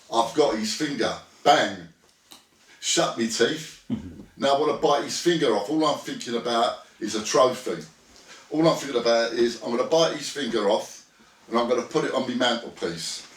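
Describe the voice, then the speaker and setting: A man, a former bouncer, telling a rough story bluntly, acting out what was said and swearing freely. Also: mid-range voice, expressive, normal speed, far from the mic. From Britain. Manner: blunt, swearing, acts out quoted dialogue. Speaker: former bouncer, interview guest. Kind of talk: storytelling anecdote. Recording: echoey room, voice a bit off-mic.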